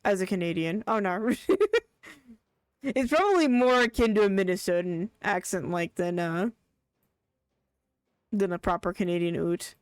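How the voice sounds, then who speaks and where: A woman's voice: mid-range voice, moderate pace, long pauses, clean tone, no echo. A young woman streaming a game, chatting casually as she plays, rambling and laughing often. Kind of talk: casual live gameplay commentary.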